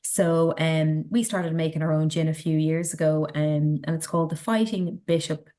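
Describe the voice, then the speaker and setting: Irish woman explaining with lively ease. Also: low voice, normal speed. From Ireland. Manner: friendly, explains with examples, laughs easily. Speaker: sales and marketing director of a castle estate. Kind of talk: casual interview chat.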